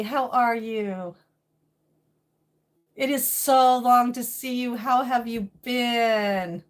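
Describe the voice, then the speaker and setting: A woman's voice: a little high, drawn-out words, pauses often. A woman live-streaming from her home kitchen, greeting viewers by name and talking through her feelings in casual chat. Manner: talks to chat viewers by name, emotional and venting.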